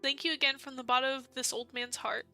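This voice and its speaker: A woman voicing a gentle, grateful old man who owns a cafe. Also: sits high, fairly even intonation, fast talker, clean tone, soft background music, full character voice. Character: kindly old male cafe owner.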